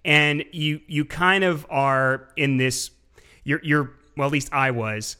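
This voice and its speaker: Bright-voiced affable male podcast host. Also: on the high side, slow pace, clear, resonant tone. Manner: affable, repeats words at the start of sentences. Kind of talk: podcast interview.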